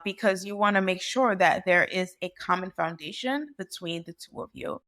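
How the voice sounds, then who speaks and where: Chatty woman on a podcast, physician guest, lively storytelling, says like a lot. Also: on the low side, moderate pace. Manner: animated, conversational, frequent fillers like "like" and "right?". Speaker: physician and real estate investor guest.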